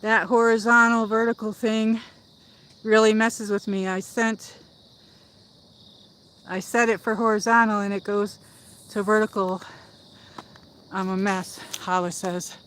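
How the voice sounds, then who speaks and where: A woman's voice: medium pitch, steady tone, unhurried, long pauses, fairly bright tone, rough recording. A woman hosting a casual livestream while walking up a hill in a park outdoors, chatty and rambling, out of breath, on a phone mic. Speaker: livestream host.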